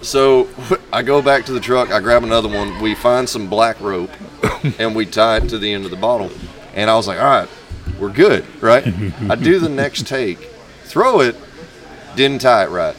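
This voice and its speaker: A man, a guest singer-songwriter, telling a lively anecdote in casual chat, laughing often and acting out other people's voices. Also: fairly low pitch, moderate pace, soft background music. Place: bar venue with a crowd. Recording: bar crowd noise behind. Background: bar crowd chatter.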